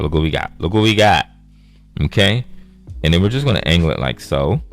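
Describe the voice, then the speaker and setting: A man hosting a casual digital drawing tutorial, playful and chatty, calling out viewers as y'all and tossing in sound-effect words like boom. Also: vocal fry. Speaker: digital art tutorial host.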